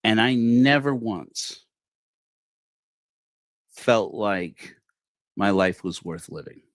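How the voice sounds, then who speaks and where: A man in his forties telling a personal story on a livestream, acting out the dialogue with animated shifts in his voice. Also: fairly low pitch, very slow, no room sound, studio quality. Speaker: livestream host.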